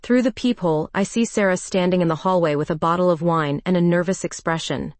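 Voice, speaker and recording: A woman narrating a first-person romance story in a calm, even storytelling voice. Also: on the low side, fairly quick, dry recording.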